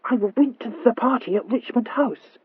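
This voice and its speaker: A woman voicing a flustered, impatient young Regency lady who stammers in high-strung urgency. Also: moderate pace, husky, no room sound, phone-quality sound.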